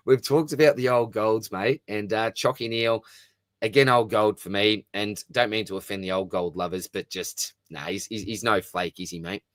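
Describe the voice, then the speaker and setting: A man's voice: fairly low pitch, fairly even intonation, moderate pace, no echo, clean studio sound. A man hosting a live stream, chatting casually and answering viewer comments, calling everyone "mate". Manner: matey, chatty, often says "mate". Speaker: fantasy football live stream host.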